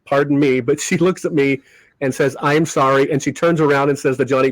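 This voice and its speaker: Speaking briskly at medium pitch, this older man is a comedy magician appearing on a podcast. He's an animated storyteller who performs the voices of everyone he quotes in this casual interview. The dry recording is rough.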